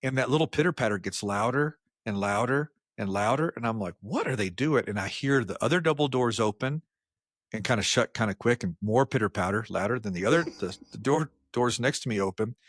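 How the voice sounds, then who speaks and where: Guy co-hosting a podcast, chatty storyteller, does the voices with big pitch jumps, dry close mic. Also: brisk, dry recording. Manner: animated storyteller, acts out quotes with jumps in pitch. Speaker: podcast co-host. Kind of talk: casual storytelling chat.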